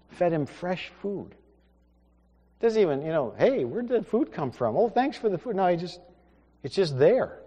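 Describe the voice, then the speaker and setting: A man preaching, retelling a scripture story with rhetorical questions. His voice sits slightly high for a man, and he moves between hushed asides and emphatic stretches. It rings in a reverberant hall. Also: dull audio. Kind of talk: sermon. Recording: echoey hall with long reverb.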